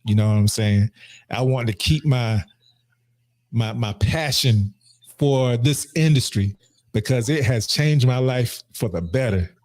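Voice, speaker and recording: A man's voice: mid-range voice, a little slow, a little mellow. Earnest man hosting a podcast. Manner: earnest, repeats words and restarts often. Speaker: podcast host and barber. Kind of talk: casual heartfelt conversation.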